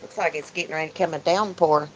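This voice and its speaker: A woman's voice: deep voice, steady tone, quick pace, noisy background. A woman hosting a casual livestream chat from her porch, teasing and reading comments aloud. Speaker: channel host. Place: porch outdoors.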